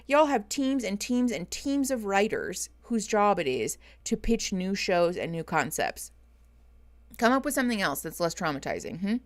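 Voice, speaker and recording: A woman's voice: mid-range voice, big pitch swings, moderate pace. A woman therapist chatting casually on a live stream, greeting viewers and laughing often. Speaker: therapist streaming reaction show.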